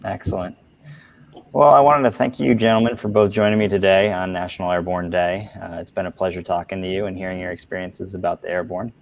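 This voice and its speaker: A man's voice: low-pitched, flat delivery, a little fast, vocal fry. A man hosting an interview, wrapping up with polite, formal thanks. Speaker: interview host. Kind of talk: closing remarks of an interview.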